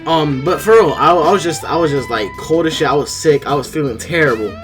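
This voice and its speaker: A young man casually telling a storytime vlog, rambling and profane, with lots of restarts and animated bursts. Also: fairly high pitch, brisk, music in the background. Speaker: storyteller vlogger.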